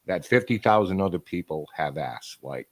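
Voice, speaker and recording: Low-voiced man hosting an interview. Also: lively intonation, moderate pace, dry recording. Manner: conversational, acts out quotes. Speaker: podcast host. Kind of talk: interview questions and opinions.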